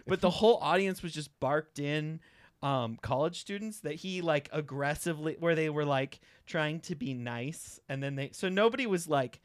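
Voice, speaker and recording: A man, a comedian in a casual chat, who talks excitedly and laughs often. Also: on the high side, normal speed. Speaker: comedian guest.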